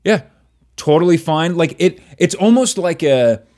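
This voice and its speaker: A man co-hosting a casual chat, talking loosely with lots of filler words and quick laughs. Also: fairly high pitch, expressive, a little mellow. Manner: laughs often, many fillers and restarts. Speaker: podcast co-host.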